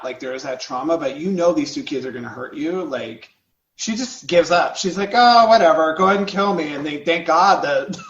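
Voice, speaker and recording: Animated man in an echoey room. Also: fairly high pitch. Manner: animated, acts out quotes. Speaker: podcast co-host. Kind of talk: casual chat. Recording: roomy, dull lo-fi sound.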